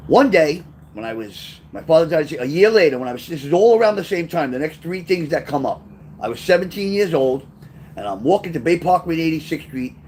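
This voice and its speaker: A man's voice: fairly high pitch, lively intonation, fairly quick, darkish tone, slight background noise. Rambling New man telling stories. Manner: rambling, digressive, blunt and profane. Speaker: author telling his life story. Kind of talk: casual spoken memoir storytelling.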